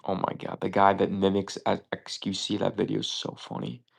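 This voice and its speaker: A man's voice: deep voice, completely flat delivery, fairly quick, gravelly. A young man hosting a live trivia stream, thinking aloud in casual chat and often stammering and correcting himself.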